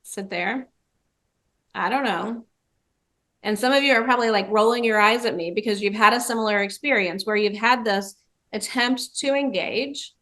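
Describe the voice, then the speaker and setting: A woman's voice: fairly high pitch, normal speed, a bit bright. A woman dementia trainer giving a webinar presentation, telling a story and acting out the quoted voices.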